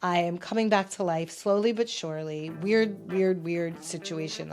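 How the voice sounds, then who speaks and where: Chatty, slightly hoarse woman in her fifties. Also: lowish voice, measured pace, few pauses, a little mellow, soft background music. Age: 50s. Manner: chatty and talkative, self-described talker. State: slightly hoarse, recovering from voice loss. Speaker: podcast host. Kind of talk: casual solo podcast chat.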